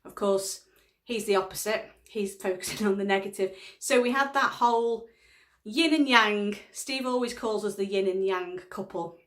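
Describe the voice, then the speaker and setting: A woman's voice: mid-range voice, moderate pace, a bit bright. Chatty woman vlogging. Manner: chatty storytelling, laughs often, acts out dialogue. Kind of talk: casual chat.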